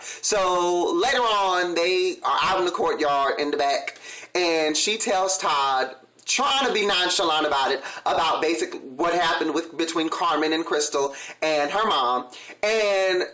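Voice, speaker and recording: High, bright-voiced sassy male vlogger. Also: animated, measured pace. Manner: frank, opinionated, sassy. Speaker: vlog host recapping a TV show. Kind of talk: casual commentary.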